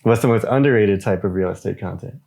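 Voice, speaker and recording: A man hosting a casual podcast interview, briskly asking questions and saying "okay" between them. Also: on the low side, vocal fry, darkish tone, no room sound. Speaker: podcast host.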